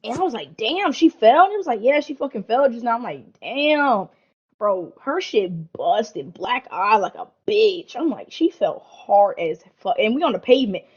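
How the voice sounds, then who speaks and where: A young woman co-hosting a podcast, telling a party story in a casual, animated way, full of slang and swearing. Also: a little high, moderate pace, breathy edge, lo-fi sound. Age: young adult. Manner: animated, slangy, heavy swearing, lots of "like" and "bro". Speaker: podcast co-host.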